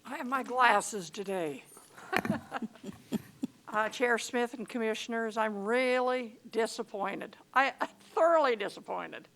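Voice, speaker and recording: High-voiced, indignant woman commenter. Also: expressive, measured pace, vocal fry, a bit bright. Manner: indignant and scolding. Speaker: public commenter. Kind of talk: public comment at a county meeting.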